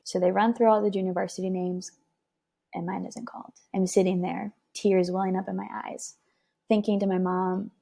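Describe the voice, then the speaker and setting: Husky young woman telling a story. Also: medium pitch, normal speed. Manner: lively, acts out quoted dialogue. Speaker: guest. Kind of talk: personal storytelling.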